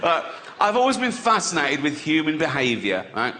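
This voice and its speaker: Provocative English stand-up comedian. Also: male voice, a little high, wildly swooping pitch, moderate pace, bright, forceful tone. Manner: conversational, provocative, tags lines with "right?". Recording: live venue with audience laughter. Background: audience laughter.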